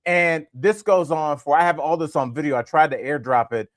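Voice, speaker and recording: This comedy podcast co-host, a man in his forties, has a voice on the high side and talks fairly quickly. His lively, meandering anecdote is full of fillers. Recorded dry in studio quality.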